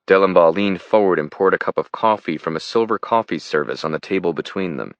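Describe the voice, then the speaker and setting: A man narrating a political thriller audiobook in a steady, even delivery. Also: deep voice, a little fast, hardly any pauses, no echo, lo-fi sound.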